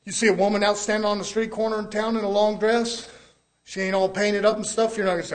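A male preacher, delivering a church sermon in a folksy, emphatic way, chuckling and dropping to a low hush. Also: level tone, fast talker.

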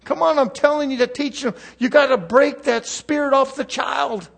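A man preaching a sermon emphatically, swinging between loud and soft and throwing rhetorical questions at the congregation. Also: extremely high pitch, moderate pace, creaky.

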